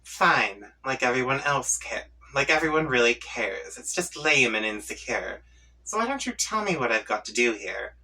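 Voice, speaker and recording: A woman's voice: very deep voice, very animated, normal speed, bright, forceful tone, slightly rough, distant mic, full character voice. A man reading a comic aloud, voicing a haughty, scheming young female troll who talks with smug taunts. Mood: taunting.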